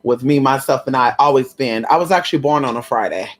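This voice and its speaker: Over a noisy background, a woman with an extremely low-pitched voice talks fast while hosting a casual livestream on conjure. She's sassy and chatty, calling viewers "honey" and "girl," and often breaks into loud laughter and exclamations.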